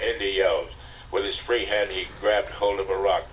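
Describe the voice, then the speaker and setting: An older man narrating an audiobook in a steady, dramatic storytelling manner, on a distant, hissy cassette recording. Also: lowish voice, moderate pace. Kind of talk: scripted narration.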